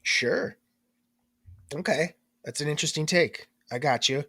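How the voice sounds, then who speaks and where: A man's voice: on the high side, a little slow, slightly rough, no echo. A man co-hosting a podcast in casual chat, his voice stuffed up and congested, joking as he tells stories. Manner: chatty, joking, lively storyteller. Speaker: podcast co-host.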